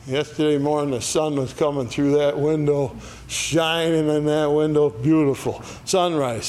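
A man's voice: on the high side, fairly even intonation, measured pace, a little mellow. A man teaching an adult Sunday school Bible lesson in a church classroom, folksy, often checking in with "all right?". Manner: folksy, asks "all right?" after each point.

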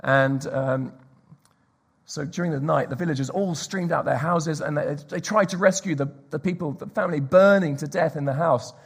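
Husky guy preaching, tells stories, goes all quiet and whispery for the big bits. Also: fairly high pitch, normal speed. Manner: storytelling, drops to a hushed whisper for emphasis. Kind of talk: sermon.

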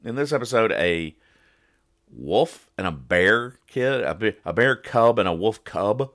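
A man's voice: on the low side, lively intonation, unhurried, a bit bright. A man hosting a casual podcast, rambling, joking and explaining each punchline. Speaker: podcast host reading comics. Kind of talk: casual comedic podcast chat.

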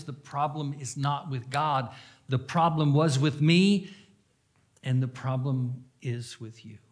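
A man preaching a sermon, sharing his own testimony earnestly, rising to loud emphasis and dropping to hushed, quiet passages. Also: fairly high pitch. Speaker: pastor.

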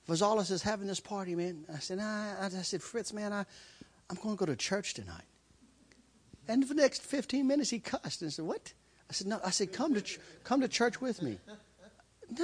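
A man from Kentucky with a lively, high voice shares his personal testimony as a guest, telling it in an animated way. He repeats phrases for emphasis and chuckles as he goes.

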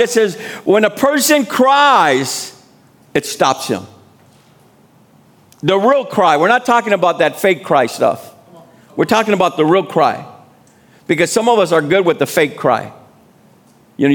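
Guy preaching a sermon, fairly high voice, gets loud and calls out to the crowd. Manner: preaching with rising shouted appeals and call-and-response. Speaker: guest preacher. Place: church.

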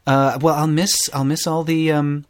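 Casting: playful, bantering male co-host, slightly high voice. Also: level tone. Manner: playful, quick banter, eager questions. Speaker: podcast co-host. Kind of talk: casual comedic chat.

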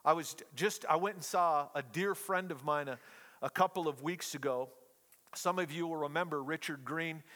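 A middle-aged man preaching a sermon to a congregation, telling stories with playful, animated asides. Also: a little high, in a large hall. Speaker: pastor. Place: church hall, live congregation.

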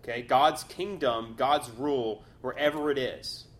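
A man's voice: mid-range voice, a little slow. A man teaching a Bible study class in a loose, conversational way, full of fillers and restarts.

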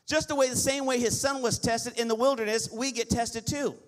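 A male pastor preaching a lively sermon, often asking the congregation for an amen. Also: extremely high pitch, a little fast. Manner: lively preaching with call-and-response amens.

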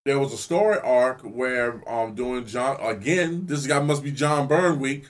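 A man's voice: mid-range voice, a little slow. A man co-hosting a casual chat podcast, recounting things at an easy pace. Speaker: podcast co-host.

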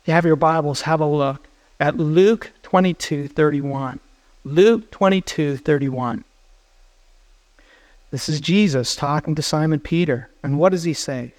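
A man's voice: on the high side, measured pace, pauses often, no room sound. A man preaching a sermon as pastor, earnest and urgent as he exhorts his listeners.

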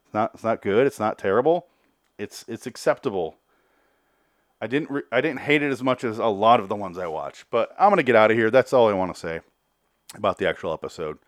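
A man's voice: fairly low pitch, animated, brisk, no room sound, studio quality. A man hosting a podcast, giving a rambling, sarcastic and profane review of a cartoon episode in casual chat.

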